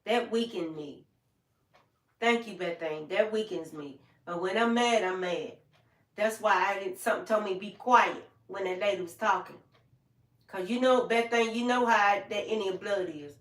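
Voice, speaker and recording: An older woman hosts a casual livestream chat, her mid-range voice at normal speed and a bit bright, with a reverberant sound from a distant mic. Folksy and heartfelt, she addresses her viewers directly by name.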